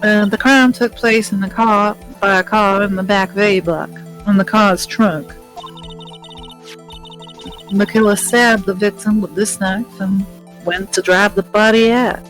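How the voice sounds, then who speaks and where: A woman's voice: medium pitch, fairly even intonation, measured pace, a bit bright, soft background music, close to an everyday voice. A woman voicing a cocky, taunting female witness in a game read-through. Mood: smug. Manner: taunting, self-assured.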